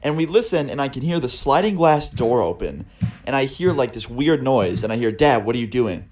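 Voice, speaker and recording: Young male vlogger, mid-pitched, swearing freely in a casual storytelling chat. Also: lively intonation, fairly quick, darkish tone. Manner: casual and profane, with a lot of filler words.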